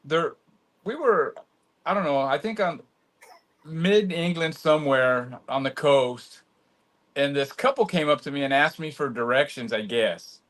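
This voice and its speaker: A man chatting easily as a livestream guest, talking slowly and telling animated stories. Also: a little high. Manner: easygoing, slow-talking, animated storyteller. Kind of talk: casual livestream chat.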